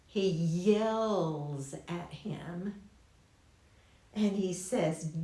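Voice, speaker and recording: A woman's voice: on the low side, takes it slowly, dark tone. A woman teaching a Bible lesson in a conversational way, restarting phrases and adding asides. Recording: roomy church classroom.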